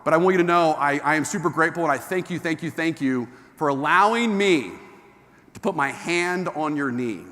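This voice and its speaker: High-voiced enthusiastic man speaking in a hall. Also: brisk. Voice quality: enthusiastic, animated delivery with frequent restarts. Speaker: motivational speaker. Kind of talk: energetic storytelling keynote to a live audience. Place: large hall with an audience. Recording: long hall reverb from a live talk.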